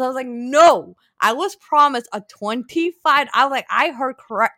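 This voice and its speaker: A woman with a bright, fairly high voice tells a story in casual chat. She talks animatedly and acts out both sides of it. The recording is dry and close. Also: moderate pace, dry recording. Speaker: podcast co-host.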